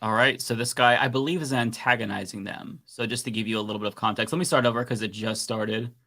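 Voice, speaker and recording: A man co-hosting a live political talk stream, excitable and swearing casually as he reacts to clips. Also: on the low side, fast. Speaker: podcast co-host.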